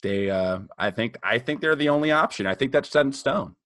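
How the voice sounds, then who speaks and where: A man's voice: medium pitch, animated, a little fast, fairly bright tone, no room sound. Joking young man, dry close sound. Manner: blunt, joking, laughs while telling stories. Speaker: podcast co-host. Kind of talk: casual chat.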